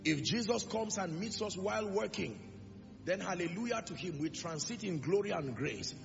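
Male preacher, high and gravelly, emphatic sermon delivery, echoing church hall with music underneath, dull lo-fi sound. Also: expressive, moderate pace. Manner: emphatic preaching with rhetorical questions. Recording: reverberant lo-fi hall recording with music.

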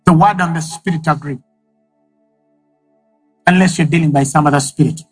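Emphatic male preacher, husky voice. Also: fairly high pitch, measured pace, a bit bright, soft background music, low-quality recording. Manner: emphatic, repeats key phrases for effect. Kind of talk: sermon.

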